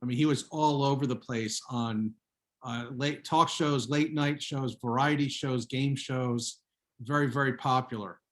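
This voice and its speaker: Man, guest author, video call, chatty, anecdotal, mid pitch. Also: fairly even intonation, measured pace, a bit bright. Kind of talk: casual Zoom talk.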